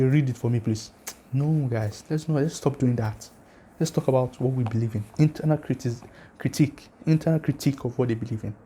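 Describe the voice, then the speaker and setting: A dark-toned man of medium pitch presents a religious channel. He lectures informally, pressing hard with challenging arguments and rhetorical questions, and he speaks right to his viewers while asking for their comments.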